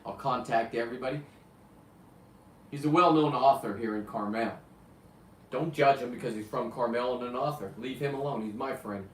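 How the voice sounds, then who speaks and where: The speaker is a man in his fifties running a live show, his talk blunt, profane, and wandering, typical of live-stream chat. He uses a medium pitch at a moderate pace with long pauses, and the roomy recording from a distant mic has slight background noise and faint ambience.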